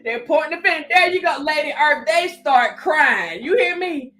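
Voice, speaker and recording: A woman's voice: sits high, lively intonation, normal speed, bright, forceful tone. A woman hosting a live stream, chatting casually, laughing often and reading viewer comments aloud.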